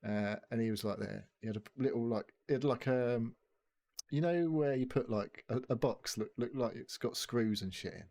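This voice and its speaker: Sweary guy rambling thru a story on a podcast, gets animated. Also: medium pitch, moderate pace, vocal fry. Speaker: podcast co-host. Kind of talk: casual chat.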